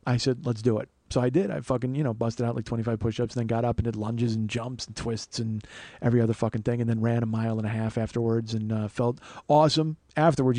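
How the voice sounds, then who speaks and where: A man talking very fast and loose, his stories rambling and full of swearing and self-mockery. The sound is close and dry with no room around it. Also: medium pitch, dark tone, dry recording. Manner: rambling, profane, self-mocking. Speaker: podcast host. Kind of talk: casual comedic storytelling.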